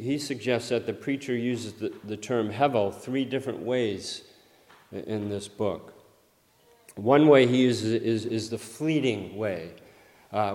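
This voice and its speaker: A man delivering a sermon, halting and repeating words, with a louder voice whenever he quotes scripture. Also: on the low side. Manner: halting, repeats words often, swells in volume on quoted verses. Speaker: preacher. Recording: long hall reverb.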